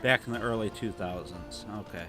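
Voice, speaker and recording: A man with a Toledo, Ohio twang hosts a relaxed gameplay stream in a low-pitched voice. He rambles easily and reads out comments from viewers, with faint music playing underneath. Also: fairly quick. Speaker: livestream host. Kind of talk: casual gameplay livestream chat.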